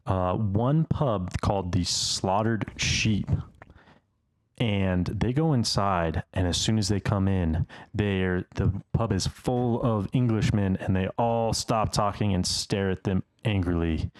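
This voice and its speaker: A young man narrates a film plot in an easygoing, steady way, moving from one beat to the next. His voice sits a little low for a man. The tone is relaxed and conversational, like chatting with a friend. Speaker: podcast co-host. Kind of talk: casual movie recap chat.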